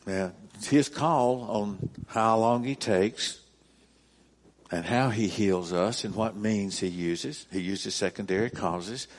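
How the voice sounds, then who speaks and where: Low-voiced guy preaching at church, takes his time, repeats stuff for emphasis. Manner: deliberate, repeats key phrases for emphasis. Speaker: pastor. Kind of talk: sermon. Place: church service.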